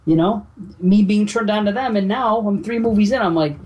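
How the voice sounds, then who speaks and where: A man's voice: sits high, fairly quick, darkish tone. Enthusiastic man in casual chat. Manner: enthusiastic, casual, swears often. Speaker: podcast co-host.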